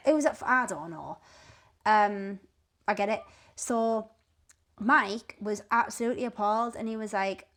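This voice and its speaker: A woman's voice: mid-range voice, measured pace. A young woman, candidly telling her story as a podcast guest and swearing freely. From Teesside, England. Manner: blunt and swearing, animated retelling.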